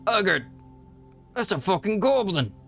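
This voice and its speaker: A man's voice: high-pitched, sing-song, measured pace, fairly bright tone, faint music behind, voice pushed up, full character voice. A man voicing a suspicious, hotheaded male dwarf warrior who accuses others. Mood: alarmed. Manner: alarmed, accusing.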